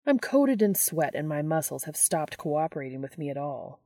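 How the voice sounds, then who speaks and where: A woman's voice: low-pitched, very animated, normal speed, dark tone, dry recording, studio quality, heavily acted. A woman voicing a tired, whiny, sarcastic man in a fan fiction audiobook, grumbling as she speaks his lines.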